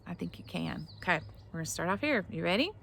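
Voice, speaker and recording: Woman, children's teacher, soft encouraging instruction, gravelly tone, faint background noise. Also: fairly low pitch, very animated. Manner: encouraging, slow and soothing, praises often. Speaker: teacher leading a tapping exercise for children. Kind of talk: gentle instruction for kids.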